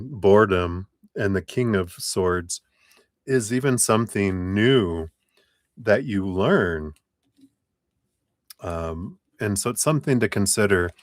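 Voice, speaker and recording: A man's voice: low voice, no echo, clean studio sound. A man giving a live-stream tarot reading in a chatty, laughing, rambling way. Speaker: tarot reader. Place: home room with air conditioner.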